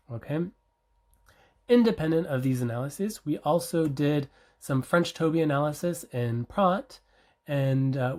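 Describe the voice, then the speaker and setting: A researcher presents a study at a conference, mid-pitched and even-toned. The delivery is explanatory, with frequent ums, uhs and self-corrections.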